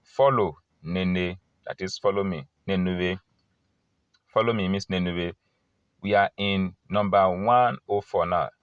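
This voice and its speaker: A man with a very low voice reads vocabulary one word at a time, pausing after each English word before giving its translation. The sound is dry and close, with no room around it, and the recording is dull and lo-fi. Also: clean tone, no room sound. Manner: slow, deliberate word-by-word reading, English word then translation. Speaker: language teacher. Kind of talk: reading a word list aloud.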